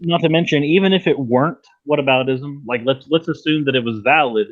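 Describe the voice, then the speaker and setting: A man's voice: a little high, brisk, phone-quality sound. A man as a guest in a casual debate, speaking bluntly and emphatically.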